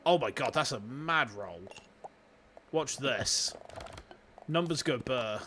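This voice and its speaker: A man with a Yorkshire accent, chatting casually and excitably while livestreaming a game, swearing freely and greeting his chat. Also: mid-range voice, slow pace, a little hiss or hum. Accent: Yorkshire English. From Yorkshire, England. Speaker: streamer. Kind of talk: casual gaming livestream commentary. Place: warm room at home with fans running.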